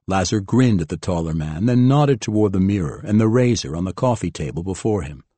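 A man narrating a thriller audiobook in an even, measured way. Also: deep voice, slightly rough, no room sound. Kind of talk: scripted narration.

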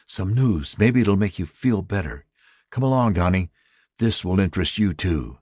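A man's voice: low-pitched, lively intonation, normal speed, a little mellow, breathy edge, no echo, clean studio sound, voice pushed up. A man voicing a weary, coaxing middle-aged wife and mother in a storybook reading.

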